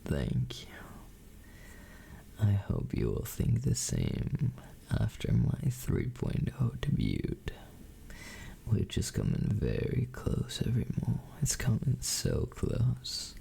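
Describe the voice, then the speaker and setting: A man streaming a whispered role-play, greeting his chat in slow, doting whispers and calling them sweetheart. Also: mid-range voice, huge pitch swings, vocal fry, warm tone, breathy edge.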